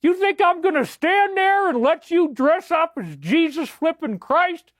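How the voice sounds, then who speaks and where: A man putting on a furious ranting father scolding his son, voice pushed high and loud, close dry sound with no room echo, yelling in mock outrage. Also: lively intonation, measured pace, heavily acted.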